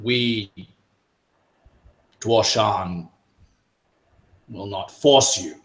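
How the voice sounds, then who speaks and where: A man voicing a stern male tribal chief, booming and authoritative, who speaks slowly with weighty pauses. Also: reverberant. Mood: solemn. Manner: slow and solemn, with weighty pauses.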